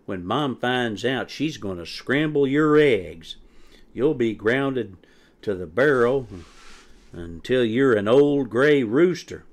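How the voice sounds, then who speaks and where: A man voicing a bratty, smug young hen in a storybook reading, with a squeaky, snide sing-song voice. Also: expressive, slow pace. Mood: teasing.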